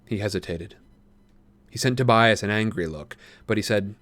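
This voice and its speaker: A man's voice: lowish voice, normal speed, dry recording. Man reading a novel aloud on a stream. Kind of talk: live-stream read-aloud narration.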